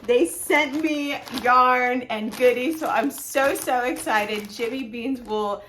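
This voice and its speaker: Gushing, slow-talking woman vlogger. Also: high voice, fairly bright tone, slight background noise. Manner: gushing, repeats words for emphasis. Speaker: crochet vlogger. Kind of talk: excited unboxing chat.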